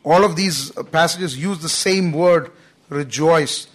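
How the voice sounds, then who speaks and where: High-voiced man preaching earnestly. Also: slow. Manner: earnest, emphatic preaching with frequent "you know". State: coughing at times. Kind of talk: sermon.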